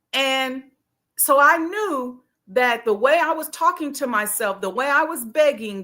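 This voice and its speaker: A middle-aged woman hosting her own channel, telling a personal story in a casual, animated way and acting out her own inner voice. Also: sits high. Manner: casual, conversational with frequent fillers. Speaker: host, life coach. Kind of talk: storytelling monologue.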